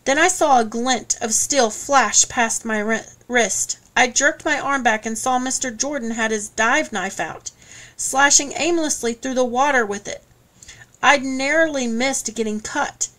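A woman reading an audiobook in first person, steady and measured. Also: high voice. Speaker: audiobook narrator. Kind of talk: scripted first-person narration.

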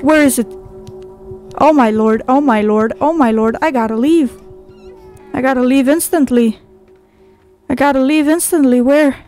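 At a normal speed and in a voice that sits high, a woman streams a horror game as let's play commentary. She jumps at everything, talks to herself, and swears heavily.

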